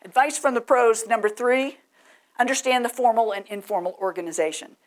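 A woman giving a lively presentation and asking the audience questions. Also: on the high side, fairly quick. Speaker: speaker.

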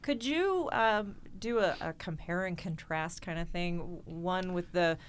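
A woman hosting a live radio talk show, asking guests questions in a brisk, conversational way. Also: on the low side, clean tone.

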